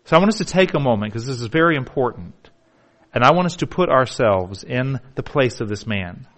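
A male pastor, preaching a sermon with drama, dropping to hushed tones and then building to emphatic repetition. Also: mid-range voice, lively intonation, a little fast. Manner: dramatic, shifts from hushed to emphatic, repeats words.

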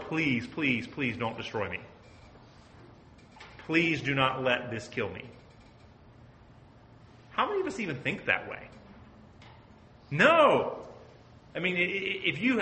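A man's voice: on the high side, sharp tone, a little hiss or hum. A man teaching a Bible study as pastor, earnest and asking his group questions. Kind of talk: conversational sermon. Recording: echoey room.

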